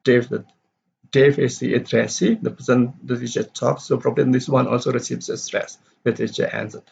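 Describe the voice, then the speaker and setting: A man with a gravelly, husky voice explains how to stress words when reading a story aloud. He moves in halting steps, with plenty of pauses and fillers. The recording sounds dull and lo-fi. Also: mid-range voice, level tone, a little mellow. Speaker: English teacher.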